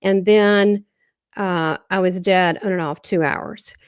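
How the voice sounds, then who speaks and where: A woman's voice: fairly low pitch, fairly even intonation, slow, clean tone, no echo, clean studio sound. A woman with a Southern American accent, a guest medium earnestly recounting a near-death experience in a rambling way, often restarting her sentences.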